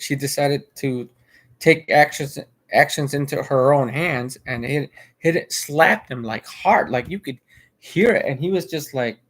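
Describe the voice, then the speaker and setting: A man's voice: medium pitch, gravelly. Rambling man retelling a viral clip. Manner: rambling with frequent restarts and filler. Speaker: vlogger. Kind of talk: casual spoken commentary.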